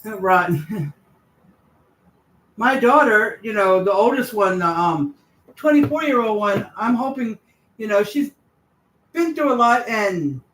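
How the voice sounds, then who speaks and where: A woman's voice: mid-range voice, expressive, takes it slowly, long pauses. A woman in her forties chatting casually on a livestream, rambling in trailing asides and greeting viewers. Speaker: livestream host.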